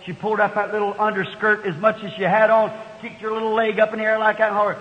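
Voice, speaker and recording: High-voiced fervent preacher in an echoing hall. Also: male voice, little pitch movement, quick pace. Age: 50s. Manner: fervent, folksy storytelling with sudden loud outbursts. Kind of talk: sermon. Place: large church hall. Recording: dull old recording in a reverberant hall.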